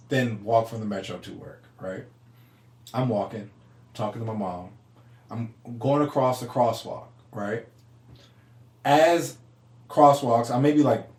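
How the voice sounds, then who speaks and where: A young man co-hosting a casual podcast, telling a story with lively acted-out quotes and frequent laughter. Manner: animated, acts out quotes with big pitch jumps, laughs often. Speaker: podcast co-host. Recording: echoey room.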